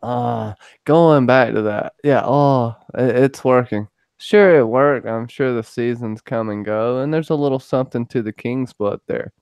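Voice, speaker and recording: A man hosts a casual livestream chat, lively and joking as he shouts out viewers by name. His voice is dry and close, with no room around it. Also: mid-range voice, measured pace, gravelly, few pauses, clear, resonant tone, no room sound. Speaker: podcast host greeting chat.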